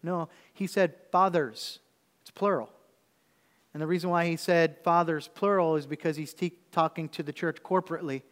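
A man's voice: fairly high pitch, steady tone, normal speed, fairly bright tone. A male pastor in his thirties preaching a sermon in a church, often asking the congregation questions. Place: church sanctuary. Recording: reverberant church hall.

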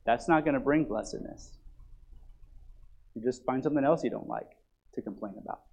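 A pastor delivers a sermon in a gravelly voice at normal speed, shifting between soft, low asides and loud, emphatic passages. He keeps checking in with his listeners, asking "right?" and "you see?" The audio quality is poor.

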